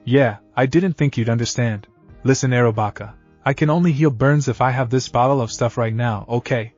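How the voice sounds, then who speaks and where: A man's voice: medium pitch, a little fast, darkish tone, soft background music, natural voice. A man reading the lines of a cocky young boy ninja apprentice, snappy and grumbling. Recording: dull lo-fi audio.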